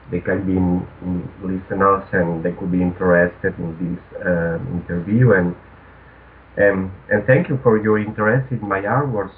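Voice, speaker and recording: A man in his forties from Spain with a Spanish accent, a guest artist in a casual interview, speaking hesitantly with many restarts and ums. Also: on the low side. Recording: tinny phone-like line, faint noise.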